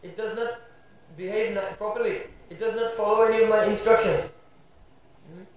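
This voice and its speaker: This devotional lecture comes from a spiritual teacher whose voice is high for a man and steady in tone. He often stops to ask "hmm?" as a check-in. The room echoes heavily, the mic is far off, and faint ambience lingers underneath.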